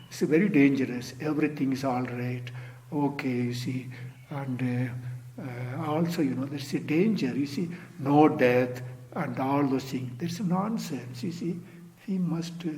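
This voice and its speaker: Man, Zen teacher, dharma talk, slow deliberate pace, repeats "you see", trails to near-whisper. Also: a little high, a little mellow. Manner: fills with "you see" and "sort of", repeats phrases; drops to near-whisper at phrase ends.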